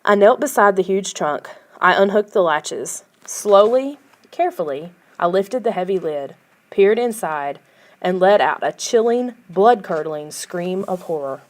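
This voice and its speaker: Woman audiobook reader, quiet, even storybook narration. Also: mid-range voice, measured pace.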